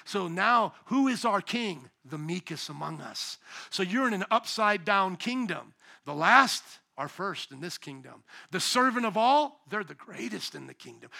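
A high-pitched male pastor delivering a sermon with a bright, forceful tone. He swings from loud, emphatic bursts down to quiet, low asides. He sounds like the father of young children. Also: expressive, moderate pace, creaky. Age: young adult to middle-aged, a parent of young children.

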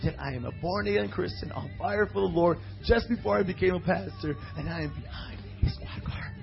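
An animated man preaching from the pulpit, his voice on the higher side. He reads scripture slowly and drifts into personal stories packed with fillers and acted-out voices. The recording is dull and lo-fi, with faint music underneath. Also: vocal fry. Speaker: pastor. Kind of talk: sermon with storytelling.

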